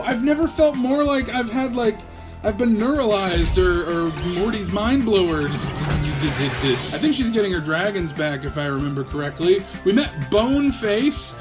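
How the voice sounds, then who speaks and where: Male vlog host, high voice, loopy and foul-mouthed, worn out, rambling comedic review. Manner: profane, rambling, self-mocking and a bit loopy. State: tired from a marathon of viewing. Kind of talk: casual comedic rant to camera.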